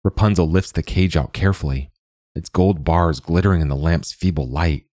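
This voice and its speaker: A man reading an audiobook in a measured, even storytelling manner. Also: low-pitched, no room sound, clean studio sound. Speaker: narrator. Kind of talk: audiobook narration.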